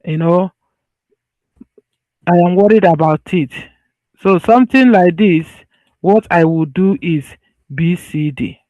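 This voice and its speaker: A medical lecturer teaches over slides in a high-pitched voice, speaking slowly and pausing often. The recording is dry, narrow, and tinny, and his conversational style uses loose phrasing, restarts, and repeated points so they stick.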